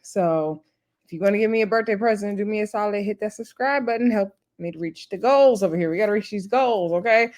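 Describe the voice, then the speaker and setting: A woman talks through a TV recap in a loose, animated way, tossing in "y'all" and little laughs. She sounds up late and worn out. Her voice sits at a middle pitch. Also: fairly quick. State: tired, up late. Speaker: YouTube host recapping reality TV. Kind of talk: casual chatty recap.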